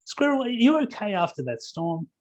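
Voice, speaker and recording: A man's voice: high-pitched, big pitch swings, moderate pace, muffled recording, pitched above the performer's own voice. A plaintive little storybook monkey asks anxious questions, his voice lifted well above normal, as a man reads him aloud. He sounds hurt and unsure of himself. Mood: curious.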